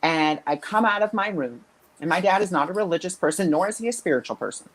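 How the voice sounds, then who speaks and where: Animated woman telling stories, lower voice. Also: fast talker, poor audio. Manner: animated, acts out quoted voices. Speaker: spiritual intuitive coach. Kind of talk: casual interview storytelling.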